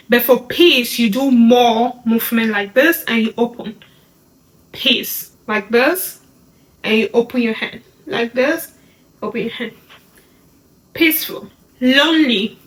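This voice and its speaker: A woman's voice: high-pitched, sharp tone, low-quality recording. A woman teaching a beginner sign language lesson, patient and step by step, often checking in with "right?". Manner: slow, patient step-by-step instruction with frequent "right?".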